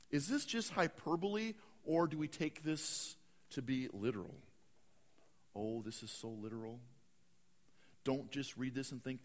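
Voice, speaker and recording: A man preaching a sermon, swinging from hushed, slow lines to loud, dramatic bursts. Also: mid-range voice, big-room sound. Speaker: pastor.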